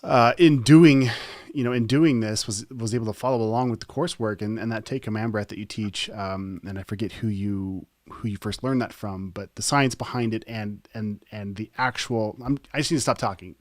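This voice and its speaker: A man's voice: on the low side, fairly even intonation, normal speed, no room sound. A man speaking as a guest, rambling and stumbling over his words as he interrupts himself.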